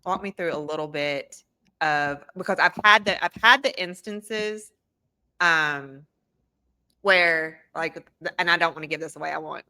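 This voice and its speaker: A woman host who stops and restarts her questions, searching for words as she goes. Her voice is fairly low, yet bright and clear in tone. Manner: halting, restarting questions with many fillers. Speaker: podcast host. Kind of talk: podcast interview.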